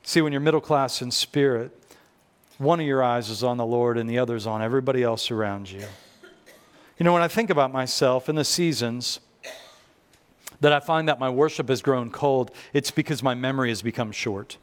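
A man's voice: medium pitch, brisk, smooth. A man preaching a sermon as pastor, telling stories conversationally with self-deprecating humor, in a church. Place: church sanctuary. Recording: long reverb of a large church hall.

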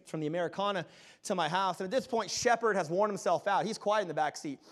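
A male pastor in his thirties delivers a sermon with a light, high voice. He tells a family story in an animated way and jokes at his own expense. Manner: animated storytelling with self-deprecating humor.

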